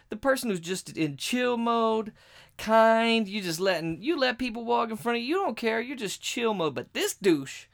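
A man hosting a podcast, telling a story as a crude, animated rant. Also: a little high. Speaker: podcast host.

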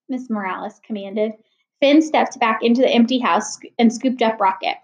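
A woman reading a children's novel aloud with expressive storytelling over a video call. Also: on the high side, normal speed. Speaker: reader leading a read-aloud. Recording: roomy echo.

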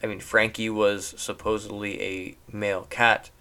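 A young man giving a casual, rambling recap of a movie, animated and laughing at the jokes. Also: fairly low pitch, measured pace, smooth.

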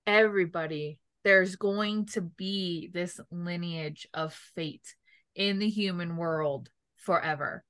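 A woman's voice: fairly low pitch, slow pace, fairly bright tone, smooth, dry recording, clean studio sound. A woman co-hosting a casual chat, gushing and rambling with lots of fillers. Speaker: co-host.

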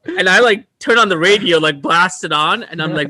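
A man's voice: high-pitched, normal speed, dry recording. A man co-hosting a podcast, telling a road trip story and laughing as he goes. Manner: animated, laughing while telling stories. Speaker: podcast co-host. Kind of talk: casual storytelling among friends.

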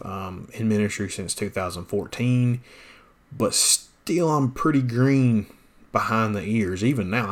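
Blunt country preacher, lowish voice. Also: male voice. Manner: blunt, plainspoken, many fillers and restarts. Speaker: podcast host, pastor. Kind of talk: personal storytelling podcast.

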